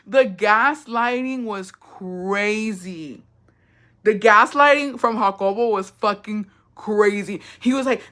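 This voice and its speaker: A woman's voice: mid-range voice, fast, pushed and bright. A young woman telling a personal story in a casual chat, blunt and profane, dropping Spanish phrases and acting out both sides of an argument.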